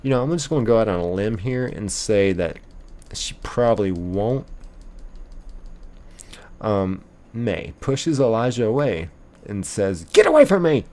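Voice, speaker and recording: A man's voice: fairly low pitch, a little slow, pauses often, warm tone. A young man hosting a live stream, chatting loosely and reading out viewer messages with lots of fillers. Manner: loose and rambling, many fillers. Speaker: livestream host.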